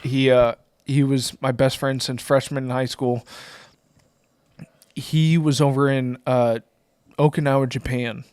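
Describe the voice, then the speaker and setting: A man's voice: medium pitch, unhurried, pauses often, clear, resonant tone, dry recording, studio quality. A man who is a podcast guest, telling stories in casual chat around a table and laughing often as he talks. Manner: animated storyteller, laughs often.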